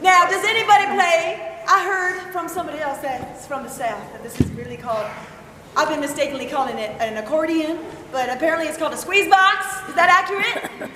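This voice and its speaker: A woman's voice: high-pitched, a little fast. A woman presenting a school concert, bantering playfully with the audience and laughing as she talks. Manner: playful, teasing, laughs while talking. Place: school gymnasium. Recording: echoey gym from far off, noisy crowd.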